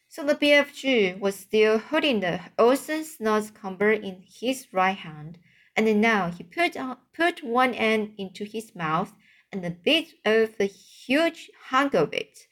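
Woman reader, slow and halting, children's book read-aloud. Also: on the high side, lively intonation, a bit bright. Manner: halting, stumbles on unfamiliar words, adds asides.

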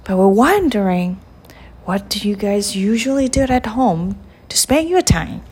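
Slow, lively woman reading a picture book. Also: medium pitch, husky. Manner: slow, expressive storytelling. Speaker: podcast host and storybook reader.

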